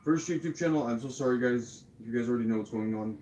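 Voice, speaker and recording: A man's voice: medium pitch, fast, a little mellow, a little hiss or hum. Flustered man apologizing in a roomy echo. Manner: flustered, apologetic, repeats himself. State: frustrated. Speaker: livestreamer. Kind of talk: rambling livestream talk.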